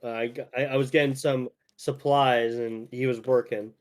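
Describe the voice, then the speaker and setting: A man's voice: mid-range voice, flat delivery, moderate pace. A man co-hosting a podcast, chatting casually and rambling with restarts. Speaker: podcast co-host. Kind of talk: casual chat.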